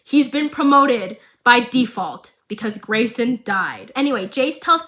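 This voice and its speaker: Young woman, bright voice, sits a bit high, chatty recap comic who swears and pokes fun at the characters. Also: expressive, unhurried. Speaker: recap vlogger. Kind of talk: comedic show recap with acted quotes.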